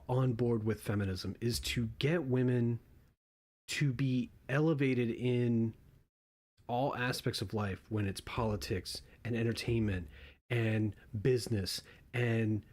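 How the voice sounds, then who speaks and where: A young man talks through a casual reaction commentary in a mid-pitched voice. He rambles and swears freely, and he often trips over his words and starts his sentences again. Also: darkish tone. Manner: rambling and profane, with frequent restarts. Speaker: online commentator.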